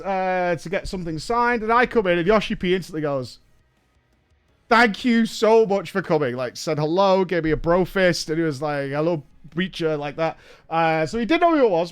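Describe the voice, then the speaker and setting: A man hosting a casual stream chat, telling an animated story with laughs and casual swearing. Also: sits high, clear, resonant tone. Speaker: streamer host.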